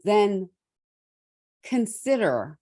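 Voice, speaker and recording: A middle-aged woman from Trinidad hosting a motivational talk, speaking candidly and reflectively with restarts and soft laughs. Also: mid-range voice, sing-song, extremely slow, no room sound, studio quality. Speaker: host.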